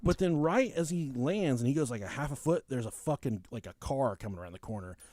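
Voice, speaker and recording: Young guy on a podcast, lively up-and-down voice, swears a lot, dry close sound. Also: medium pitch, fast, no room sound. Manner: profane, animated, acts out quoted people. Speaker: podcast host. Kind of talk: casual storytelling chat.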